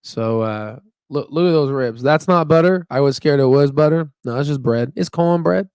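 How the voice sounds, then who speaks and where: A man's voice: fairly high pitch, normal speed, darkish tone, clean tone, no echo, studio quality. A man hosting a casual live stream about stocks, rambling and upbeat with lots of fillers and "you know what I mean.". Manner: upbeat and chatty. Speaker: stock market channel host.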